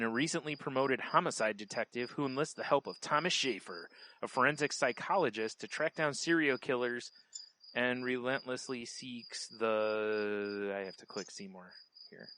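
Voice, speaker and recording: A man's voice: medium pitch, animated, normal speed, creaky, sharp tone. A man co-hosting a casual podcast, rambling and trailing off, laughing often as he talks. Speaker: podcast co-host.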